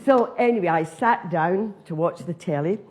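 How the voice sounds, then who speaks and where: An older Scottish woman comedian tells a self-deprecating story in a chatty, conversational stand-up style. Her lowish voice is lively and moves at a moderate pace.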